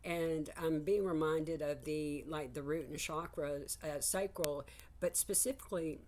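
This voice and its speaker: Low-voiced older woman rambling. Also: darkish tone, slight background noise. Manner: meandering, frank, swears casually. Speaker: psychic reader. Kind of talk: casual spiritual vlog monologue.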